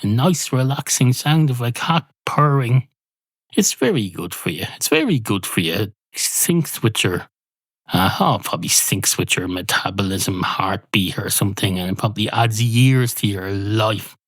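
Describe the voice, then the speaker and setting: A man hosting a podcast alone from a spare room at home, rambling through a deadpan, improvised comic monologue. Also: fairly low pitch, moderate pace, no echo. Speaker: podcast host. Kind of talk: rambling solo comedy monologue.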